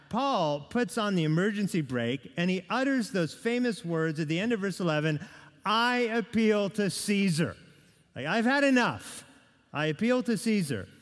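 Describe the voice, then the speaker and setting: Preacher in a reverberant church. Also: male voice, a little high. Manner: conversational preaching with asides and restarts. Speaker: pastor. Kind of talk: sermon. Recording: long reverb of a church hall.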